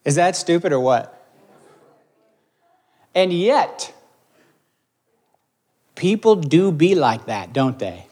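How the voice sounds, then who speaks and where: A man's voice: on the high side, very animated, slow pace, pauses often, darkish tone. A man preaching a sermon as pastor, talking in a conversational way and checking in with his listeners.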